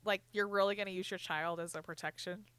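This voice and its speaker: A woman in her twenties co-hosting a podcast, telling a story in a heated, profane way with loud bursts of emphasis. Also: mid-range voice, fairly even intonation, quick pace, smooth, no room sound. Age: 20s. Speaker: podcast co-host. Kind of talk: casual chat.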